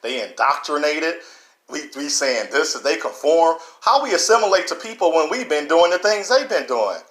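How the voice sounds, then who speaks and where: A man giving an impassioned, preachy monologue to camera, repeating himself and swinging between loud and low. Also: expressive, moderate pace. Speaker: vlogger. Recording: roomy echo.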